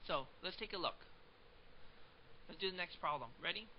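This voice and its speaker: A man's voice: sits high, expressive, moderate pace. A young man teaching math in a casual, joking lecture, asking viewers questions as he goes. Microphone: webcam microphone. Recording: dull lo-fi home webcam recording with faint hiss.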